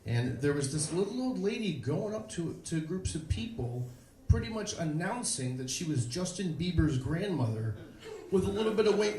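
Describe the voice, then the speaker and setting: A man doing a stand-up set on a club stage, telling stories in a deadpan, self-mocking way. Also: high voice, moderate pace. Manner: deadpan self-mocking storyteller, jumps into put-on voices. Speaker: stand-up comedian. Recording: echoey club with crowd noise.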